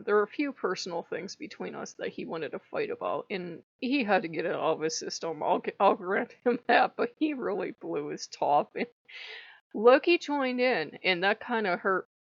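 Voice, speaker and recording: A woman's voice: medium pitch, creaky, no echo, highs cut off. A woman hosting a casual storytelling vlog, chatty, laughing often and acting out bits of dialogue. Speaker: channel host.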